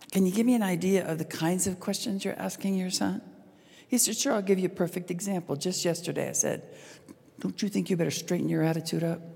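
A middle-aged woman speaking to an audience about relationships, a lively storyteller who acts out the lines she quotes. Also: fairly low pitch, gravelly, husky. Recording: long hall reverb.

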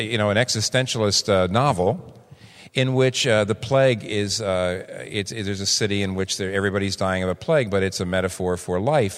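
A man in his sixties preaching a sermon, animated and acting out the voices he quotes. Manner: animated, acts out quoted voices with big pitch jumps. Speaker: pastor. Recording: long reverb of a large hall.

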